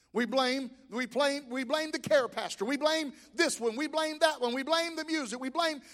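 A male pastor delivers an emphatic sermon in a church sanctuary. His voice sits very high and keeps rising and dropping in pitch and volume. A long reverb trails every phrase. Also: a little slow, fairly bright tone. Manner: emphatic preaching with sudden rises and drops in pitch and volume.

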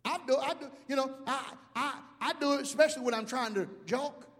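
A man preaching an animated sermon to a congregation, building from conversational talk to loud, rising climaxes. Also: very high-pitched, a little fast. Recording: long hall reverb.

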